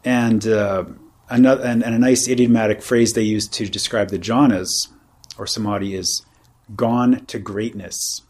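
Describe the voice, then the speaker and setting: A man's voice: on the low side, steady tone, moderate pace, darkish tone. A man teaching meditation at a retreat, speaking in a casual, rambling way with many fillers such as "you know" and "like". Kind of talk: informal dharma talk at a retreat.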